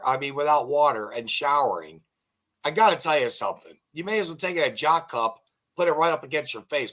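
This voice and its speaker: A man's voice: a little high, sharp tone. A middle-aged man hosting an interview, chatting casually and telling long rambling jokes and stories. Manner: rambling joke-telling storyteller. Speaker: host.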